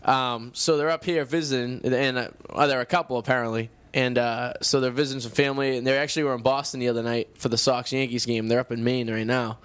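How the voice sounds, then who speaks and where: A man's voice: mid-range voice, fairly even intonation, quick pace, hardly any pauses, a bit bright, clean tone. A man in his thirties, co-hosting a casual radio talk show and telling rambling, profane stories. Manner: rambling storyteller, swears a lot. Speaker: co-host.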